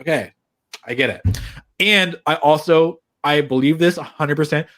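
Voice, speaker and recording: A man's voice: on the high side, moderate pace, fairly bright tone. A man co-hosting a podcast, chatting enthusiastically and giving strong opinions on reality TV. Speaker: podcast co-host. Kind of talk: casual chat.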